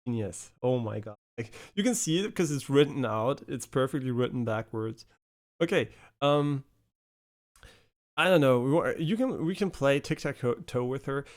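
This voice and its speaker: A man's voice: mid-range voice, expressive, moderate pace. A man streaming a video game live, chatting casually with many fillers and swear words.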